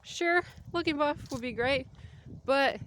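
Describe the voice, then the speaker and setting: A woman's voice: high voice, unhurried, noisy background. A young adult woman vlogging outdoors on a cold winter walk, talking in a rambling, chatty way with jokey asides. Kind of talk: casual walking vlog.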